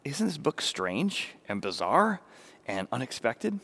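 Animated male pastor preaching. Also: mid-range voice, slow, breathy edge. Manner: animated, acts out biblical speakers with raised voice. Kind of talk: sermon.

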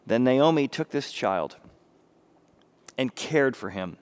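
A male pastor delivering a sermon, his voice sitting at an ordinary middle pitch. He preaches with emphasis and keeps turning to his listeners with rhetorical questions. His delivery swings between loud, pressing bursts and soft, dropped asides. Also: lively intonation, measured pace, pauses often.

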